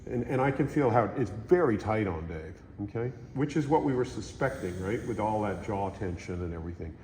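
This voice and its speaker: A man teaching a hands-on massage class in a relaxed, conversational way, often checking in with his students. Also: fairly low pitch, fairly quick, a little hiss or hum. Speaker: massage instructor. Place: training room during a course. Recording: roomy echo with long reverb.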